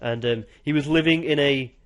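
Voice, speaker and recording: A young British man talking quickly and eagerly, rattling through film chat at a brisk clip. His voice sits a bit high for a man, and he jumps into acting out scenes mid-sentence. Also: noisy background. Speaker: podcast co-host. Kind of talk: casual chat about films.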